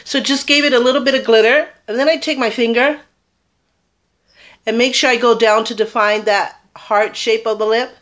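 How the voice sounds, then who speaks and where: A woman's voice: fairly high pitch, steady tone, normal speed, fairly bright tone. Woman, beauty vlogger, casual tutorial chat, rambling, enthusiastic, camera mic. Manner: chatty, rambling, enthusiastic about products.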